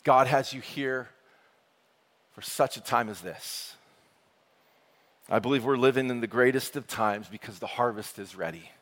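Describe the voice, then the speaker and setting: A man preaching a sermon with energetic call-and-response delivery. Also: medium pitch, a little slow, pauses often. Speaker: pastor. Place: church sanctuary. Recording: long hall reverb.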